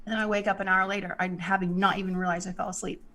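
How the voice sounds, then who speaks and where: A woman's voice: mid-range voice, flat delivery, very fast, sharp tone. A woman, a psychic medium, talking casually and rambling, with many "you know"s. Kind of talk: casual spiritual talk.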